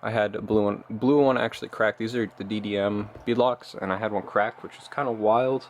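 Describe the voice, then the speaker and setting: A man's voice: lowish voice, steady tone, a little fast, a little hiss or hum. A man vlogging casually about his hobby car, rambling and enthusiastic, with lots of ums and uhs. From Canada. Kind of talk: casual show-and-tell vlog.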